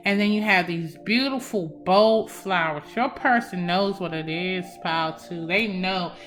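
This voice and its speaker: A young woman doing a casual psychic love reading speaks in a lowish, slightly slow voice, talking straight to her viewers. She's a tarot reader, warm, chatty and emphatic, calling her audience "y'all." Faint music plays in the background.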